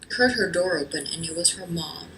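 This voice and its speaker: A woman's voice: lowish voice, fairly quick, a bit bright. A woman telling a story as a contestant in a storytelling competition, narrating steadily and unhurriedly.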